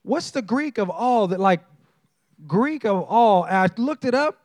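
A pastor preaching in a strikingly high male voice, talking casually and animatedly to his congregation. He repeats his key lines and keeps asking the crowd questions. The recording is dry and close, with no room echo. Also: expressive, measured pace, a little mellow. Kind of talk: sermon.

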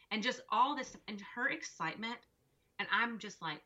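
A woman co-hosting a casual chat, telling a lively story and acting out each voice in it. Her voice sounds bright and forceful. The recording is muffled and lo-fi. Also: fairly high pitch, normal speed. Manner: expressive, acts out quoted dialogue. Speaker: podcast co-host and mother. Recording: dull lo-fi recording.

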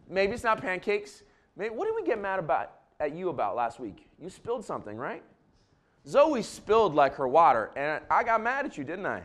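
A pastor preaching in a church, talking to his congregation as if chatting with friends. His voice sits a little high for a man and swings widely up and down, dropping low for quiet confessions and rising for punchlines. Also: fairly quick. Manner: animated, joking asides to the congregation. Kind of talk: conversational sermon. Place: church before a large congregation.

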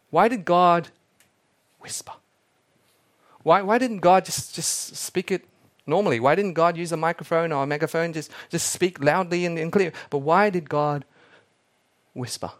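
A male pastor preaching a sermon, dramatic, repeating key words and dropping his voice almost to a whisper for emphasis. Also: on the high side.

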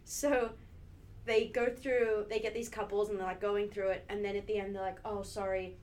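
A woman's voice: mid-range voice, normal speed, slight background noise. Chatty woman retelling a show. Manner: animated storyteller, acts out the people in her stories. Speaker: podcast co-host. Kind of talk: casual chat.

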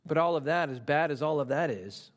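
A middle-aged man delivers a sermon in a slightly higher than usual voice. He is emphatic, repeating phrases for stress and slowing down on the lines that matter most. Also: animated. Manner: speaks slowly on key lines and rises in pitch for emphasis. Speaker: pastor.

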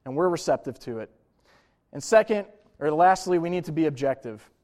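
High-voiced man preaching conversationally. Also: lively intonation, fairly quick, a little mellow. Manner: conversational preaching with frequent "right?" and "you know" asides. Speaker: pastor. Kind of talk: sermon.

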